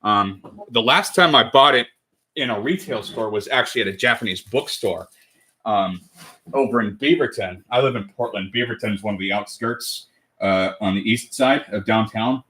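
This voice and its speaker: A man's voice: fairly low pitch, moderate pace, pushed and bright, slightly rough. A man in his twenties talking casually on a livestream while crafting, rambling and correcting himself as he chats with viewers. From United States. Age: 20s. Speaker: cosplay livestreamer.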